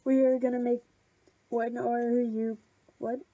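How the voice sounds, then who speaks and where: Woman, casual gameplay chat, excitable, rambling, slightly high voice, dry close sound. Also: slow pace, no room sound, lo-fi sound. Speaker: channel host.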